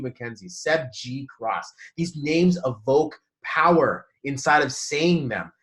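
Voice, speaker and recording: A man hosting a live stream as a numerology reader, upbeat and effusive, greeting viewers by name and speaking in spiritual, motivational phrases. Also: fairly high pitch. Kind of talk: live-stream chat with viewers, giving readings.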